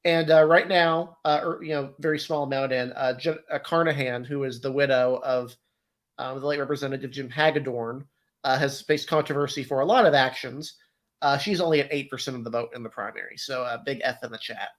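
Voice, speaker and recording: A man's voice: medium pitch, fairly even intonation, brisk, fairly bright tone. Man explaining with lots of fillers. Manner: explanatory, with many fillers and self-corrections. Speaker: election stream co-host. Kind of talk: casual explanatory chat.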